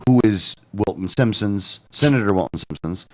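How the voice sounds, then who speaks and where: A man's voice: lowish voice, moderate pace. A man co-hosting a radio talk show, animatedly retelling a phone call with many restarts and quoted lines. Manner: animated storyteller, lots of restarts and quoted dialogue.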